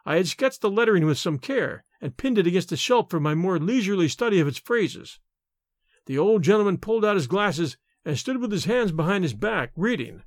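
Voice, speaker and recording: A man narrating a novel aloud in an expressive storytelling manner. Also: high voice, a little fast, no room sound, clean studio sound. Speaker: audiobook narrator. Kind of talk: scripted narration.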